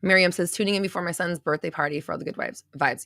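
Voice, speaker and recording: A young woman talks loosely and excitedly to her live-stream viewers and drops the odd swear word. Her tone is bright and forceful, and the sound is close and dry. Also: lowish voice, fast talker, creaky, no echo. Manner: chatty, swears, reads viewer comments aloud. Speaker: host of a live manifestation coaching stream. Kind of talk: casual live-stream talk.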